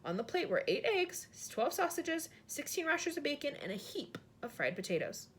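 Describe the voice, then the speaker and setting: A woman reading a children's book aloud in an expressive, animated way. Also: high-pitched, normal speed, slight background noise. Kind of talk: storybook read-aloud.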